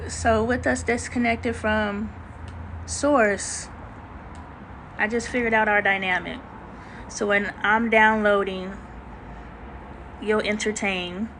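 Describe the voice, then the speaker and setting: A woman's voice: mid-range voice, fairly even intonation, takes it slowly, long pauses, a bit bright, slight background noise, low-quality recording. A woman hosting a casual livestream chat, talking in a slangy, emphatic way with preachy asides and greeting viewers. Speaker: livestream host.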